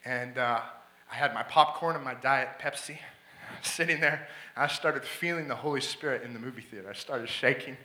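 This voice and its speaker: A man from Alberta, Canada, preaching a sermon in a church, telling stories with excitable energy, laughing often and building to shouts. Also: medium pitch, moderate pace. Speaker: guest preacher. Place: church sanctuary. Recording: echoey church hall.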